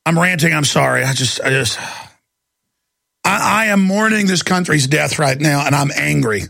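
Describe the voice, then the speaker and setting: A middle-aged man hosting a radio talk show, delivering an angry rant, shouting and pushing his voice up when worked up. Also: normal speed, gravelly. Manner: shouting and ranting, voice climbing high when angry.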